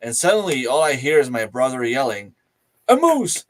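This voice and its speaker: A man tells a story on a live chat show. His delivery is animated and full of quick restarts, at an ordinary middle pitch. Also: a little hiss or hum. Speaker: panel speaker.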